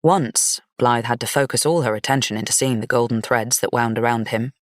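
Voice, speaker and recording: A woman narrating a gothic fantasy romance audiobook in an even, measured storytelling manner. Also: rumbling low, no echo, studio quality.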